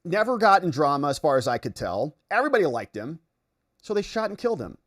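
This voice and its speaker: This fast-talking American streamer hosts a political commentary show and reads audience chat aloud as he responds. One moment he's bursting with excitement, the next he's muttering low.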